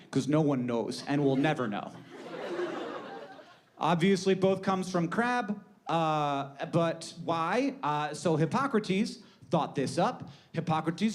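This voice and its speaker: High-voiced man with rambling jokes. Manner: rambling, wry, profane. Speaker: comedian. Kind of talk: comedic monologue. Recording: noisy recording.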